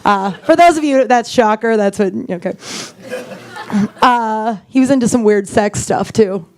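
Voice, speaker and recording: A woman in her forties works a stand-up crowd in a fairly high voice. Her delivery is chatty and self-mocking, and she breaks into laughter often. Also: unhurried. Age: 40s. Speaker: stand-up comedian. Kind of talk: stand-up set. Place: comedy club main room.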